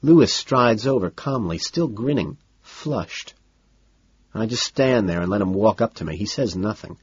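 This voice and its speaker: A man with a low, husky voice narrates a novel in the first person, cool and measured. The recording is dull and dry, with a lo-fi edge and no room sound. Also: lively intonation, no echo. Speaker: audiobook narrator.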